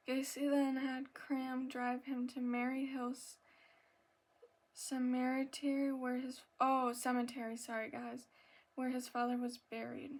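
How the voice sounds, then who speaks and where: An ASMR channel host reads aloud softly in a high, flat voice at a slow pace, stumbling over words and apologizing. Now and then she slips into a whisper and sounds a little out of breath.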